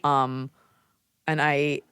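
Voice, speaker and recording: A woman's voice: low-pitched, level tone, drawn-out words, fairly bright tone, clear, resonant tone, no room sound. A woman in her thirties hosting a podcast, giving blunt, casual advice and swearing freely. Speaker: podcast host.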